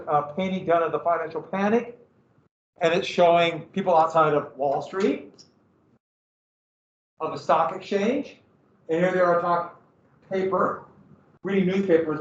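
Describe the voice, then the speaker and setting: Male history teacher, high voice, classroom lecture, quizzes the class, roomy echo, distant dull mic. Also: a little hiss or hum. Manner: animated, asks the class questions.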